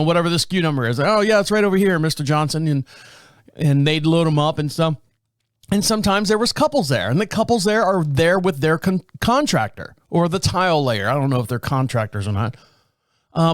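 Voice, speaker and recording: Middle-aged male podcast host, slightly high voice, dry close mic, rambling and self-deprecating storyteller. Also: dry recording. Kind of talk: casual storytelling monologue.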